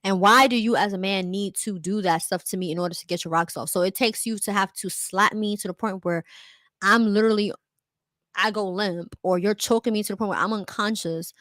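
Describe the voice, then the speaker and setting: A woman's voice: mid-range voice, brisk, fairly bright tone, no room sound. A young woman giving a candid, emphatic livestream monologue, full of "like" and "you know" fillers. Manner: candid, emphatic, acts out quotes in other voices. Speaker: vlogger.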